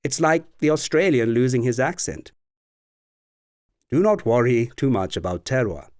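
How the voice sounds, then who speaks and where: A man giving scripted educational narration for a wine course, with a clear, explanatory delivery. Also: mid-range voice, expressive, normal speed, a little mellow, no echo, clean studio sound.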